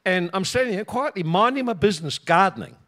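A man's voice: sits high, animated, fast, a bit bright. A middle-aged man preaching a sermon, telling a personal story with frequent laughter and repeated words.

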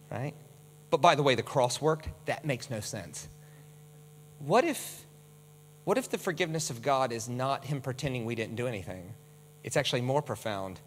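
A man preaching a sermon with slides, animated, who acts out the voices he quotes with big swings. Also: medium pitch, a little fast, slight background noise. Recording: long hall reverb.

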